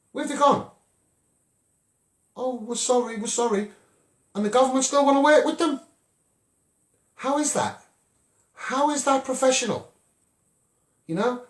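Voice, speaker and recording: A man's voice: sits high, roomy sound. A middle-aged man with a Scouse accent, a children's rights campaigner giving a punchy monologue and asking "right?" again and again. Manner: punchy, repeats "right?" for emphasis.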